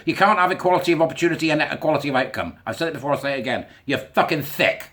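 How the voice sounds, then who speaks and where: A man's voice: a little high, very fast, few pauses, fairly bright tone. A man giving a sarcastic, sweary commentary as he reads passages aloud and mocks them. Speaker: commentator reading and rebutting a school policy. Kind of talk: ranting commentary.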